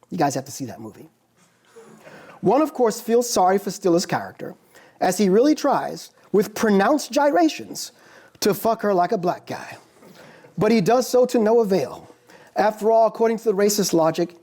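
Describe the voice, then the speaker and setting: A man, a philosophy professor, giving a formal lecture in a measured, deliberate way with dramatic pauses. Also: high-pitched, darkish tone, breathy edge. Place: lecture hall.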